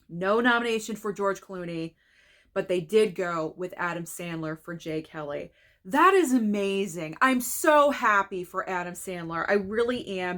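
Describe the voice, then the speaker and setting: Excitable woman reacting to film news. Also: medium pitch. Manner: excitable, gasping and gushing; chatty, frank opinions. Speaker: film reviewer. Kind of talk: casual reaction video.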